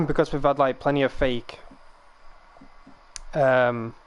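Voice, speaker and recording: A young man streaming a game, chatting casually and laughing often, his voice cracking and rough. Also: mid-range voice, slow. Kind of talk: casual live-stream chat.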